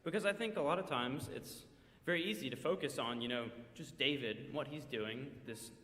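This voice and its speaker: A man's voice: mid-range voice, normal speed, a bit bright. A man speaking in church, retelling a story vividly in the second person with quoted asides, recorded in a church sanctuary. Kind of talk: sermon storytelling. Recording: echoey church hall with long reverb.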